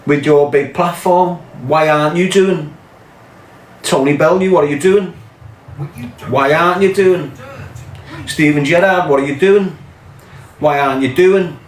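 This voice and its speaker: Scouse man, angry sweary rant, raised pitch, echoey room, faint music behind. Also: fairly bright tone. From Liverpool, England. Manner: angry, ranting, sweary, repeats pointed questions. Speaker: podcast host. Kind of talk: impassioned monologue.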